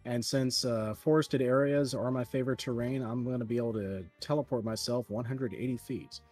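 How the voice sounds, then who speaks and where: A man's voice: medium pitch, fairly even intonation, fairly quick, darkish tone, faint music behind. A man playing in a tabletop game, casually describing his character's actions in the third person. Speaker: player.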